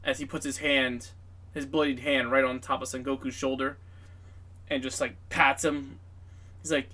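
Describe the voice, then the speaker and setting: A man's voice: mid-range voice, flat delivery, moderate pace, long pauses, sharp tone, a little hiss or hum. A man narrating a tabletop game as game master, in a casual, filler-heavy, profane way.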